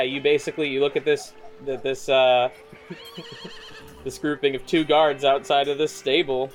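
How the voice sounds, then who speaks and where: A man narrating as game master, loose and chatty with many fillers. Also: mid-range voice.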